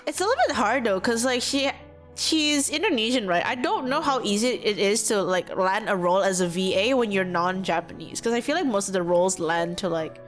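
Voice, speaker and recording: Excitable woman streamer with lively pitch. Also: fairly quick, faint music behind. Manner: excitable, loud exclamations, giggly. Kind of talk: casual game reaction and live translation.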